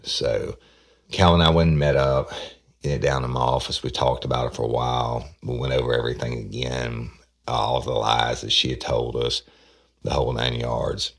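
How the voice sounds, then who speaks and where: A man with an extremely deep voice and a gravelly rasp, telling old cases like a former detective. He talks in a blunt, plain, profane way, as casual spoken storytelling. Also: little pitch movement, moderate pace.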